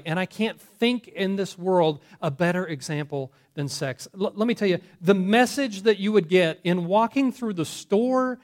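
A man preaching a conversational sermon, often correcting himself and putting questions to the congregation. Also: high voice. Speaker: pastor.

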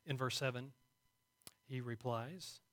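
A man's voice: medium pitch, fairly even intonation, takes it slowly, a bit bright. A man preaching a sermon to a congregation in a conversational way, often asking them questions. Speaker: pastor.

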